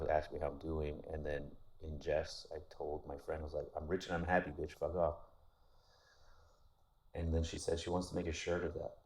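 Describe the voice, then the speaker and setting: A man with a very deep, husky voice talks in a flat, even tone through a casual vlog monologue. He rambles candidly, restarting his sentences and swearing casually. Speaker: vlogger.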